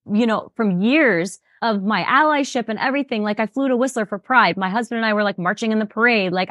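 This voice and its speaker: A woman being interviewed, talking in a loose, animated way full of fillers and quick laughs. Her pitch sits mid-range. The sound is dry and close. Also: no echo. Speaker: reality show contestant guest. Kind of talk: casual interview chat.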